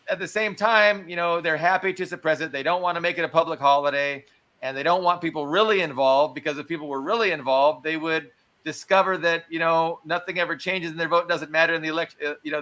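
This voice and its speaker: Slightly high, bright-voiced man talking politics. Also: poor audio. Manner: earnest, conversational, frequent fillers. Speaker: guest. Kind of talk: casual political discussion.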